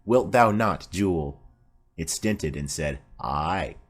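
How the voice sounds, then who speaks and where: A man's voice: low voice, expressive, slow, slightly rough, faint music behind, pitched below the performer's own voice, full character voice. A man voicing a chatty, rambling old female nurse in an audiobook play reading. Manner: rambling, garrulous.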